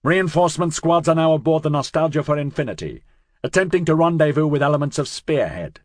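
A man's voice: a little high, animated, fairly quick, dry recording, clean studio sound, pitched above the performer's own voice, close to an everyday voice. A man putting on a muffled soldier giving a clipped report. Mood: crisp, urgent. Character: male military officer reporting over static comms.

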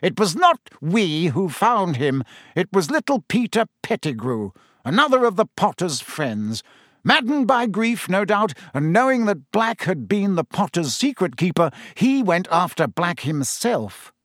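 A man voicing a pompous middle-aged minister in a storybook reading, with a brisk, officious delivery. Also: high-pitched, big pitch swings, fairly bright tone, no room sound, studio quality, pitched above the performer's own voice, heavily acted. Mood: bitter. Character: pompous middle-aged male minister, self-important but shaken.

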